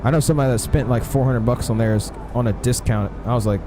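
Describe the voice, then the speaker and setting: A man's voice: medium pitch, fast, hardly any pauses, over music. A man live-streaming a flight simulator, chatting casually, answering his chat with lots of fillers.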